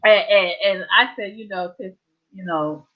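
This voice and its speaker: A woman, hosting a playful, animated casual chat. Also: mid-range voice, moderate pace. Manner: animated, playful, Southern colloquial speech. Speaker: host. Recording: dull lo-fi audio.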